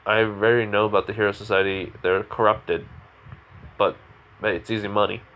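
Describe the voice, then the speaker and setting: Cocky young hero-for-hire, voiced by a man: boastful and offhand, lowish register. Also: level tone, brisk, muffled recording, a little hiss or hum, close to an everyday voice. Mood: smug. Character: cocky young male hero-turned-mercenary.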